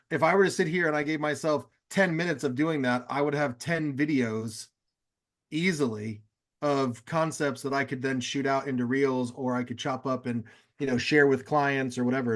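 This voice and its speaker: A man sharing his experience in an online workshop, casual and rambling, with lots of "like" fillers, over a video call. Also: medium pitch. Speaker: workshop participant. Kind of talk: casual chat.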